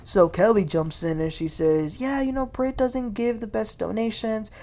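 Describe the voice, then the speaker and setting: A woman's voice: fairly high pitch, moderate pace, darkish tone. A woman hosting a casual, opinionated recap of a reality TV episode. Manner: chatty, opinionated, quotes the cast. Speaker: TV recap host.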